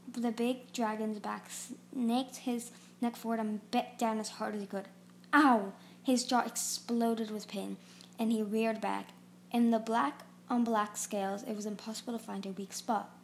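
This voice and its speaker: A woman's voice: fairly high pitch, a little hiss or hum. A woman narrating a fantasy novel aloud as an audiobook reader, often stumbling and restarting words.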